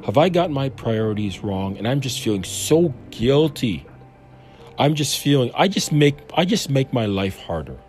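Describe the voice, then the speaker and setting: A man in his fifties tells a personal faith story out loud, earnest and rambling, often stopping to question himself. His voice sits at an ordinary middle pitch for a man. Soft music plays faintly under him. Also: very animated, moderate pace. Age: 50s. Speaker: Christian storyteller. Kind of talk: personal testimony monologue.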